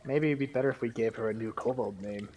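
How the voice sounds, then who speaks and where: A man's voice: mid-range voice, quick pace, a little mellow, a little hiss or hum. A man playing in a tabletop game, playful and joking as he chats. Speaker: player. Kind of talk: casual tabletop play.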